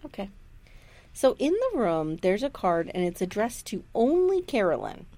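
A woman's voice: mid-range voice, very animated, normal speed, mellow. A woman co-hosting a casual chat, recapping a show, who acts out quotes and swears freely. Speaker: podcast co-host recapping a TV episode.

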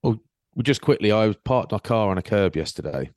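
A man's voice: lowish voice, a little fast, no echo, clean studio sound. A man co-hosting a casual chat podcast, telling stories and acting out the voices of the people in them. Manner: animated storyteller, acts out quotes. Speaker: podcast co-host. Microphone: video call.

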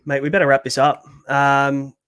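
A man's voice: medium pitch, monotone, normal speed, fairly bright tone, clear, resonant tone, no echo. A man co-hosting a fantasy sports podcast, chatty and upbeat with many fillers. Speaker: podcast co-host. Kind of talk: casual fantasy sports chat.

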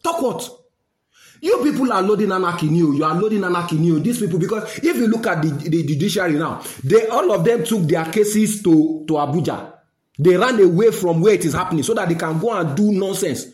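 A man's voice: sits high, echoey room. Indignant Nigerian man ranting. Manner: indignant, scolding, mixes Pidgin phrases. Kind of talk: angry political rant.

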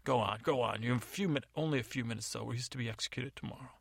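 A man's voice: medium pitch, fast talker, gravelly, slightly rough, no room sound, clean studio sound. A man voicing a nervous, flustered jailer in a storybook, in about his own voice.

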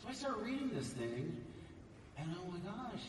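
A man telling stories to a live audience in a lively way, acting out the voices of other people. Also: high voice, moderate pace. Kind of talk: animated storytelling on stage. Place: large hall with a live audience. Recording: echoey hall, voice from far off, background noise.

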